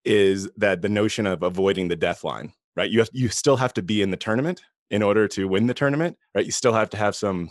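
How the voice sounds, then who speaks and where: A man's voice: deep voice, dry recording, clean studio sound. A man hosting a podcast interview, asking long, winding questions with fillers. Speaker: podcast host.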